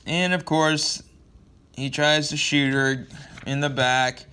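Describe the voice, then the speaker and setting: A man giving a casual, rambling comic book review, sarcastic and quick to swear. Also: medium pitch, sharp tone, clean tone.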